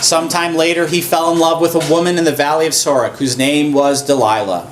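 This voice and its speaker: Animated male preacher telling a story. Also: on the high side, a little fast, background noise. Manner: animated storytelling, repetitive emphasis. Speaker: pastor. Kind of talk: sermon. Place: church.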